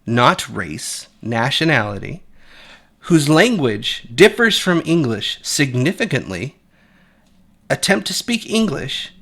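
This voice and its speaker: A man's voice: mid-range voice, big pitch swings, takes it slowly, gravelly, a bit bright. A man giving blunt, profane, opinionated commentary, rambling with frequent restarts. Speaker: commentary channel host.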